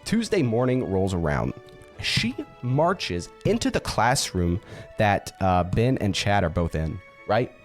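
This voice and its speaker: A man's voice: fairly low pitch, big pitch swings, takes it slowly, faint music behind. A man casually telling a story, chatty with fillers.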